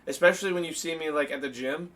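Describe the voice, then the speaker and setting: A man's voice: a little high, fast, fairly bright tone. A young man hosting a casual podcast and livestream from his desk, teasing his friend and laughing often. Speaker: podcast host and streamer. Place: at a desk in a home streaming setup.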